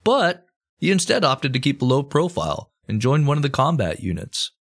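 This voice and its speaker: A man hosts a comedy history podcast, telling the story casually with crude jokes and swearing freely. His mid-range voice is very animated at normal speed.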